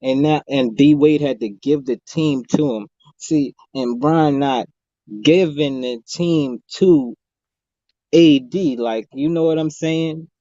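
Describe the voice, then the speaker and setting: A man's voice: on the high side, takes it slowly, mellow, no echo. A man co-hosting a casual sports debate, talking in a rambling, profane way with many restarts. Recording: dull, slightly muffled audio.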